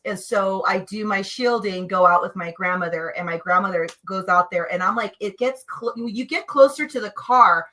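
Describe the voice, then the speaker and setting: A woman telling personal spiritual stories in a casual, animated, emphatic way, acting out what others said. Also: medium pitch. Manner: animated, emphatic, acts out quotes. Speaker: podcast guest.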